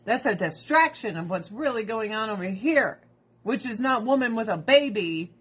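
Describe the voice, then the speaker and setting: Woman, fairly high voice, casual skincare chat, swears a lot, laughs often, rambling and opinionated. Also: lively intonation, normal speed, fairly bright tone, slightly rough. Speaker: direct seller of skincare products.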